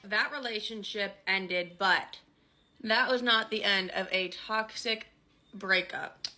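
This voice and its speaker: A woman's voice: mid-range voice, takes it slowly, faint music behind. A woman in her twenties telling a personal story casually, acting out quotes and swearing freely. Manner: animated, acts out quotes, swears a lot. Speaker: storyteller in a clip.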